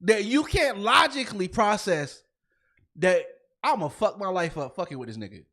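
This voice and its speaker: A man's voice: high-pitched, animated, normal speed, pushed and bright. A man co-hosting a comedy podcast, ranting in a heated, profane way and repeating himself when fired up. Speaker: podcast co-host.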